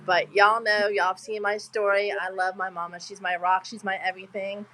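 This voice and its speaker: A woman's voice: medium pitch, little pitch movement, moderate pace, bright, forceful tone, rough recording. A woman, talking on a video call in a heartfelt, rambling way, full of restarts. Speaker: guest. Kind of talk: emotional casual chat.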